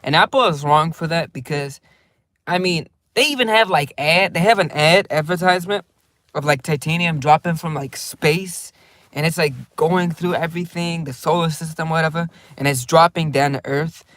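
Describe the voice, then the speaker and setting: A man's voice: on the high side, normal speed, a bit bright, dry recording. A young man chatting casually in a loose, rambling vlog from inside his car, laughing often. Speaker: vlogger.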